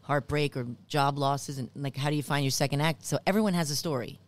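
A woman's voice: low voice, steady tone, brisk. Woman guest, chatty, self-deprecating storyteller, studio podcast. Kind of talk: casual chat.

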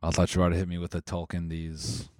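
A man's voice: sits low, completely flat delivery, fast, a little mellow, no room sound, clean studio sound. A man co-hosting a podcast, laid-back and teasing, mostly giving short replies and jokes. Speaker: podcast co-host. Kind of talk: casual chat. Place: studio.

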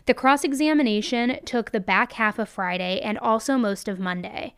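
A woman's voice: fairly high pitch, normal speed, a bit bright, clear, resonant tone, no echo. A woman hosting a true crime show, giving blunt and emphatic commentary into a close mic.

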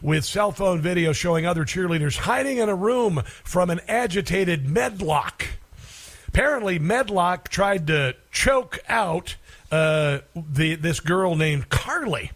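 A man hosting a talk radio show, speaking in a sarcastic, halting monologue full of fillers. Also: high voice, animated, a bit bright.

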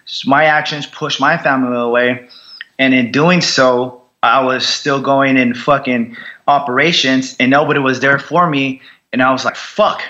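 A man's voice: mid-range voice, steady tone, normal speed, bright, forceful tone, highs cut off. Blunt, swearing veteran man. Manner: blunt, heavy swearing, emphatic repetition. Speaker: military veteran guest. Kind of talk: candid conversational storytelling.

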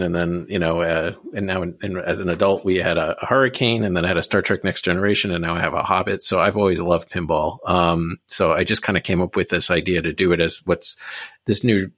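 A man who designs board games, answering in a relaxed interview with many fillers. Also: deep voice, quick pace, dry recording. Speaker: board game designer guest.

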